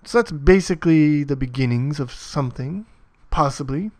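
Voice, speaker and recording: A man's voice: on the high side, normal speed, darkish tone, dry recording. A man narrating a casual coding tutorial as he types, muttering, swearing often and mocking himself. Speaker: programming tutor.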